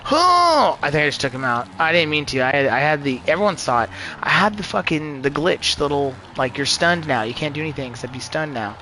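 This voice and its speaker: A man streaming a racing game live, talking in a rambling, profane and excitable way. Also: on the high side, quick pace, a little hiss or hum, poor audio. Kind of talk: live gameplay commentary.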